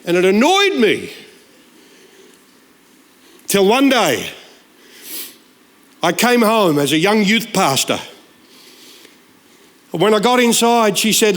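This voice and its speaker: A guest preacher in his 60s delivers a humorous sermon packed with stories and punchlines. His voice sits high and moves slowly, with long pauses. He is jokey and animated, shouting out each punchline.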